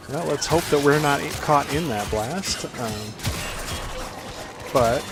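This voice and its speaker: A man's voice: mid-range voice, takes it slowly, over music. Rambling man doing game commentary. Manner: rambling, many fillers. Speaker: gaming video host. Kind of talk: casual gameplay commentary.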